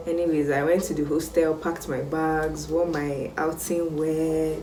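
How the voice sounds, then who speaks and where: A young Nigerian woman telling a casual storytime vlog, animated and exclamatory. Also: sits low, measured pace, distant mic, slight background noise. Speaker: vlogger. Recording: roomy sound, mic set back.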